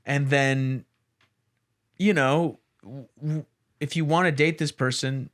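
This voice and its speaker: A man's voice: mid-range voice, fairly even intonation, slow, fairly bright tone. A young man co-hosting a podcast, giving rambling, frank advice in casual chat and swearing freely. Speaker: podcast co-host.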